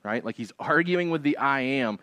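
A man's voice: medium pitch, expressive, normal speed, pushed and bright, clear, resonant tone, dry recording. A male pastor preaching an expository sermon in a conversational way, often asking "right?" and repeating key phrases for emphasis.

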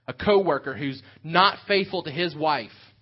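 A man's voice: fairly high pitch, unhurried. Earnest male preacher, lo-fi recording. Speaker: pastor. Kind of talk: sermon. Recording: dull lo-fi sound.

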